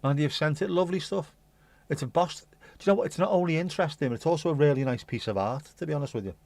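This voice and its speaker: A man's voice: on the high side, quick pace, creaky, darkish tone, no echo. A man hosting a casual livestream, rambling and chatty, swearing casually and humming little tunes. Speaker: livestream host.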